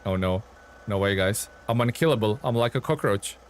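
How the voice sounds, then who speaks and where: A man streaming a game, chatting casually and excitably with his viewers. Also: on the low side, moderate pace, a little hiss or hum. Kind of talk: casual live-stream chat while playing.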